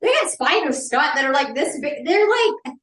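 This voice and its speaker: A woman, co-hosting a casual podcast, blunt and animated. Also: moderate pace, roomy sound, far from the mic. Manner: animated, swinging pitch, blunt and profane. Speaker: podcast co-host. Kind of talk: casual chat.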